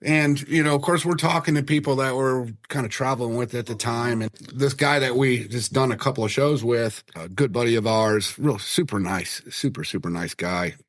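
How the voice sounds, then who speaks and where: A man's voice: mid-range voice, moderate pace, hardly any pauses. Laughing storyteller man in casual podcast chat. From Virginia. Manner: animated storyteller, laughs often. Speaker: band member guest.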